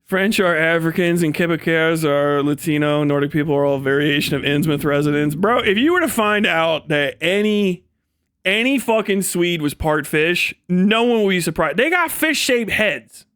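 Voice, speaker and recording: A man's voice: on the high side, expressive, normal speed, a bit bright, clear, resonant tone, dry recording, clean studio sound. A male streamer on a rambling, profane comedic rant, often breaking into laughter.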